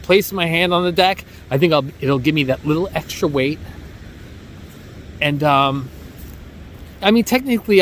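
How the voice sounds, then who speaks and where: A bodyboarding vlogger with a New York accent and a slightly high voice rambles through a monologue outdoors near a beach. He's animated, boastful, joking and self-mocking, and there's a little hiss or hum on the recording.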